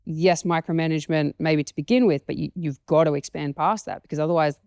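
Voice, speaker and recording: A woman's voice: sits low, fairly even intonation, fast, a little mellow, smooth, no room sound, clean studio sound. A woman dog trainer talking casually as a guest, chatty with lots of fillers. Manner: chatty, many fillers, acts out quotes. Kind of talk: casual conversation, anecdotes.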